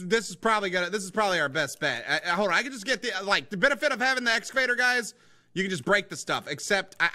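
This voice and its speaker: A young man giving rambling, excitable commentary while playing a game, talking to his viewers as guys and boys. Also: sits high. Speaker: gaming video host. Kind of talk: casual let's-play commentary.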